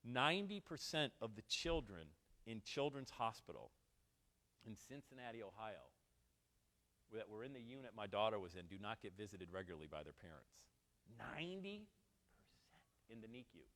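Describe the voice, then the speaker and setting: A Western New York motivational speaker in his forties speaks at normal speed in a fairly low voice, pausing often. Standing in a large event hall, he tells a personal story as a keynote, animated and full of joking asides to listeners.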